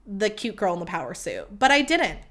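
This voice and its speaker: A young woman hosting her own podcast, telling a story in a candid, chatty, self-mocking way with quick asides. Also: mid-range voice, big pitch swings, a bit bright. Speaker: podcast host. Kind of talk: casual storytelling.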